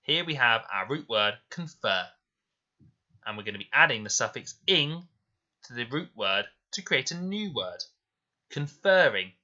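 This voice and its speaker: A man teaching a recorded spelling lesson to children, explaining slowly and clearly and repeating words with care. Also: mid-range voice, lively intonation, bright, forceful tone, lo-fi sound. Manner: slow, clear, deliberate explanations. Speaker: primary school teacher. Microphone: voice-over to slides.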